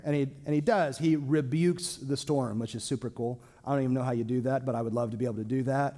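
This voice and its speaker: A man teaching a small church Bible class in a casual, joking way, with lively asides to his listeners. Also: mid-range voice, quick pace, few pauses. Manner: lively, joking, acts out quoted speech.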